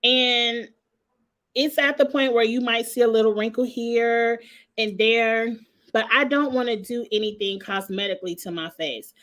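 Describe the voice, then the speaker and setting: A woman's voice: medium pitch, unhurried, fairly bright tone. A woman, hosting a casual reality TV recap and gossiping with sass. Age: 40s. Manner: gossipy, sassy, talks straight to the people she discusses.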